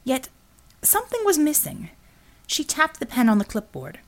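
A woman reading a story aloud as an audiobook narrator in an even storytelling manner. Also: high voice, moderate pace. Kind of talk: scripted narration.

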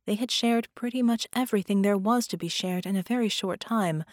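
A woman narrating a dramatic superhero audiobook in a measured, storytelling manner. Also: medium pitch, darkish tone, dry recording, clean studio sound.

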